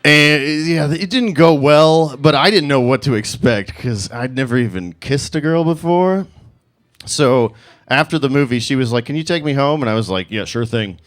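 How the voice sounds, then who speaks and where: A man's voice: medium pitch, moderate pace. A man in his thirties telling a comic personal story to a live audience, laughing through his lines as he mocks himself.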